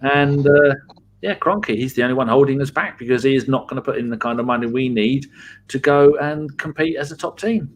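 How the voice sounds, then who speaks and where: A man hosting a casual football podcast, brisk and wry, swearing freely as he steers the chat. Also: mid-range voice. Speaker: stand-in podcast host.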